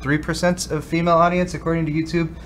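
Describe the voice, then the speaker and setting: A man co-hosting a casual tech show chats loosely in a fast, somewhat high, slightly bright voice with a flat delivery. He rambles and keeps restarting, dropping plenty of ums and uhs, with faint background noise behind him.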